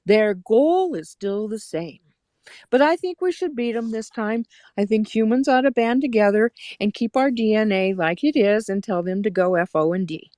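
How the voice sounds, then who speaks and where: A woman's voice: medium pitch, moderate pace, a little mellow, no room sound, clean studio sound. A woman in a casual discussion, rambling from thought to thought in a blunt, emphatic way.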